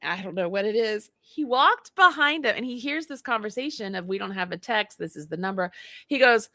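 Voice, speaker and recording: A bright, fairly high-voiced woman telling a story on a live chat show. She acts out every voice in the tale and gets more and more worked up. The sound is close and dry. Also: animated, fairly quick, dry recording. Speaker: co-host. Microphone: livestream mic.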